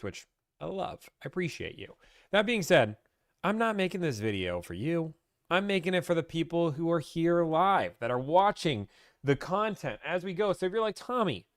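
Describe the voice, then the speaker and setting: A man's voice: a little high, clear, resonant tone, no echo, clean studio sound. A man hosting a casual livestream, hyped and playful, talking straight to his live chat. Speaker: livestream host.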